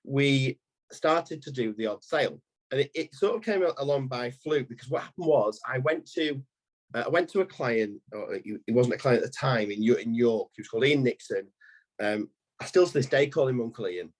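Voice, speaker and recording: Podcast guest: husky man in his thirties, storytelling, restarts often. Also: mid-range voice, lively intonation, fairly quick. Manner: rambling anecdotal, frequent restarts. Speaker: estate agency owner.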